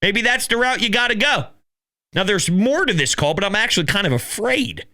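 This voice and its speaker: A man hosting a casual sports talk show, taking calls and rambling excitably. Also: high voice, fairly quick. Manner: excitable, laughing, rambling with restarts. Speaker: sports podcast host.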